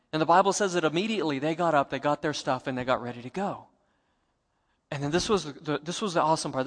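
A man preaching a sermon as pastor, telling a Bible story with animated, acted-out quotes. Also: a little high, long reverb tail.

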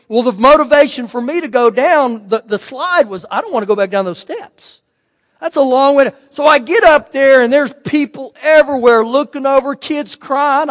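High-voiced pastor preaching in a reverberant hall. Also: male voice. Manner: folksy storytelling with animated quoted voices. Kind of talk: sermon with personal stories.

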